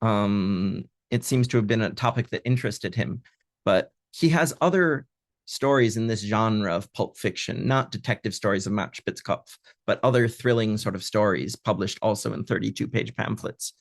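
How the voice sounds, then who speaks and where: A man who translates old pulp fiction, giving an online talk in a thoughtful, hesitant way with many pauses and fillers, heard over a video call. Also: lowish voice, vocal fry, dry recording, studio quality. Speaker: translator leading a community reading. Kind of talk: online lecture with reading.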